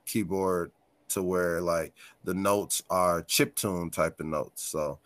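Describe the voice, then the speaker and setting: A man guest on a podcast, telling tour stories in a casual, animated and profane way, laughing often. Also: deep voice, takes it slowly, no echo. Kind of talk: casual storytelling chat.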